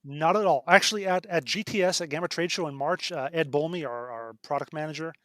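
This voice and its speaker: Middle-aged male guest, speedy, self-correcting storyteller, slightly high voice. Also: fast talker, a bit bright, no room sound. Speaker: guest, game designer. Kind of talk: casual podcast conversation.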